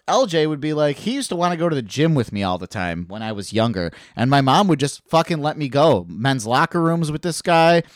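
A man's voice: medium pitch, a little fast, no room sound, studio quality. A man telling a personal story in a casual podcast chat, swearing freely and acting out the people he quotes. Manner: animated, swearing, acts out quoted voices.

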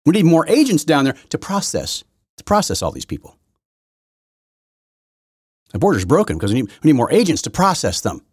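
A man hosting his own podcast from his basement, rambling through a political rant that swings from loud outbursts to low muttering, with many restarts. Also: huge pitch swings, brisk, long pauses, slightly rough, no room sound, clean studio sound. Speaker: podcast host. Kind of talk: solo political commentary rant. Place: home basement.

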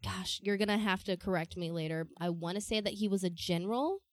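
A woman's voice: mid-range voice, a little fast, dry recording. A woman co-hosting a history podcast, telling the story casually with frequent laughs and fillers.

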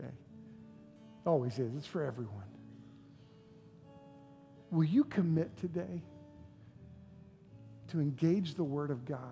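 A pastor preaching a sermon and giving an altar invitation, swinging from loud pleading to hushed, near-whispered lines. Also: mid-range voice. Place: church sanctuary with live congregation. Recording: long hall reverb with faint music.

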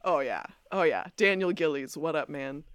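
A woman's voice: deep voice, animated, normal speed, clear, resonant tone. A woman co-hosting a podcast, recapping a TV episode in casual chat and acting out quotes. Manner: chatty, acts out quotes, laughs often. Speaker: podcast co-host.

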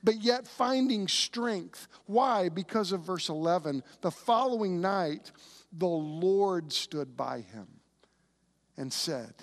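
A man's voice: sits high, animated, takes it slowly. A man preaching a conversational sermon, with frequent restarts, who acts out the voices of biblical figures. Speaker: pastor.

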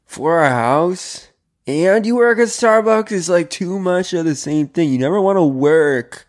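A man's voice: high voice, expressive, unhurried. A young man in improvised comedy role-play, laid-back and saying "dude" constantly.

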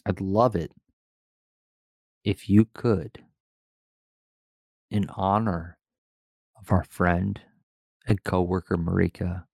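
A man with a lowish voice talks slowly and playfully, joking and laughing as he hosts a casual podcast. The sound is dry and close, with no room around it. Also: fairly even intonation, gravelly, darkish tone, no echo. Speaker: podcast host. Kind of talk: casual chat.

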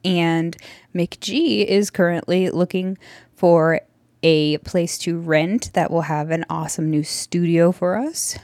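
A woman podcast host gives a casual, rambling solo update from her dining room, chatty and apologetic, out of breath, and full of fillers. Her lowish, darkish voice moves slowly with fairly even intonation. The close handheld mic yields a dry, clean studio sound.

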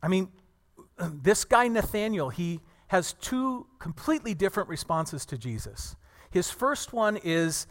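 A man preaching a sermon to a congregation, earnest and animated, telling stories and acting out the people in them. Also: high voice, a little slow, big-room sound. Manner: earnest, animated storytelling with acted quotes.

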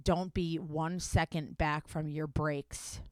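A woman's voice: low voice, normal speed, smooth, no echo, natural voice. A woman quoting a pushy, demanding father of a bride who curses bluntly.

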